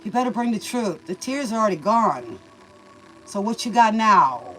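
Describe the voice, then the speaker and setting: A woman's voice: medium pitch, sing-song, moderate pace, a bit bright, a little hiss or hum, low-quality recording. A woman hosting a tarot reading stream, giving folksy, preachy life advice in a casual manner and calling the listener baby. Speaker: tarot reader and livestream host.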